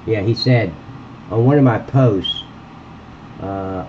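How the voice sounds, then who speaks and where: Low-voiced guy streaming map edits, blunt, swears a lot, muffled mic. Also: slow pace, slight background noise. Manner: blunt and profane, ranting at a critic. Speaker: livestreamer building a game map. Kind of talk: live-stream chat while editing.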